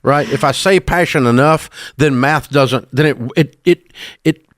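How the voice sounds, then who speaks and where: A man's voice: a little high, unhurried, a bit bright, dry recording, studio quality. A man in his sixties with a Southern American accent, hosting a call-in radio show in a blunt, emphatic, scolding way.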